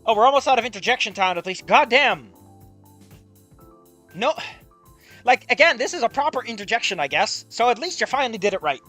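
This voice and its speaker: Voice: medium pitch, animated, fairly quick, pauses often, bright, forceful tone, faint music behind. Profane, exasperated game streamer. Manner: exasperated, profane, ranting critique. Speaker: streamer reading a game aloud. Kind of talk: game playthrough commentary.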